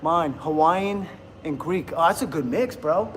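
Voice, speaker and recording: A man's voice: fairly high pitch, expressive, unhurried, fairly bright tone, a little hiss or hum. A man in his fifties from the United States, chatting casually on a livestream and answering viewer comments in an upbeat way. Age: 50s.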